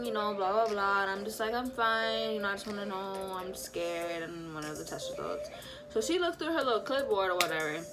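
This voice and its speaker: A young woman casually retelling a personal story, animated and full of fillers, acting out what people said. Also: a little high. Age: young adult. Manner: animated, lots of fillers, acts out quotes. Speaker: vlogger.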